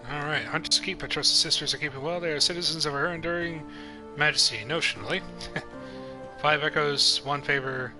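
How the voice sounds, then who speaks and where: A man's voice: a little high, steady tone, brisk, over music, rough recording. A man giving casual let's-play commentary, reading the on-screen text aloud between offhand asides. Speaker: gameplay commentator.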